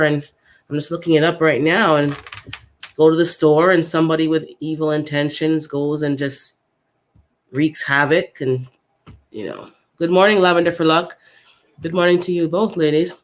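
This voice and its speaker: A man who hosts a gardening channel talks to his viewers on a casual livestream in a voice on the high side. Unsettled and upset, he stumbles through his thoughts aloud and repeats his words often.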